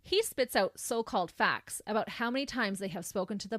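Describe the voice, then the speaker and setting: A woman's voice: medium pitch, expressive, a little fast, hardly any pauses, dry recording, studio quality. A woman hosting a podcast, recounting a true crime case in a sardonic storytelling manner. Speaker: podcast host.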